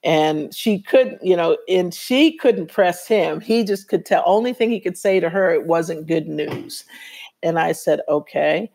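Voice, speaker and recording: A woman's voice: on the low side, a little slow, darkish tone. A woman guest in an interview giving a personal testimony, telling her story earnestly and acting out the dialogue she quotes. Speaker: interview guest, women's Bible study leader.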